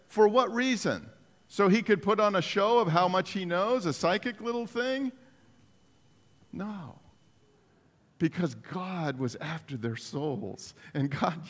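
A man delivers a sermon like a story, bouncing between his own retelling and acted-out quotes with frequent laughs. His voice sits a little high for a man. The sound carries a long reverb, as in a large hall. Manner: animated, acts out quotes, laughs often. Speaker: preacher.

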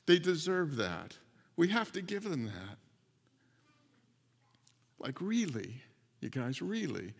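A man preaching a sermon as pastor, animated and repeating his phrases, with frequent laughs. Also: a little high, takes it slowly, creaky, long pauses, husky. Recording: long hall reverb.

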